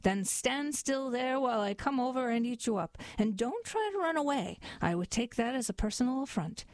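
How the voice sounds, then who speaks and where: A woman's voice: on the high side, lively intonation, moderate pace, no echo, close to an everyday voice. A woman voicing a hairy, smelly male bridge troll who blusters and then pleads, in a storybook reading. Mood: demanding. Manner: gruff bluster that turns to whiny pleading.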